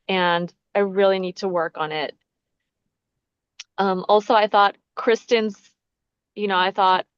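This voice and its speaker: Earnest lady, smooth lowish voice, lots of ums, muffled dry audio. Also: no echo. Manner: earnest, hesitant, many ums. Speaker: participant. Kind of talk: casual group recap chat.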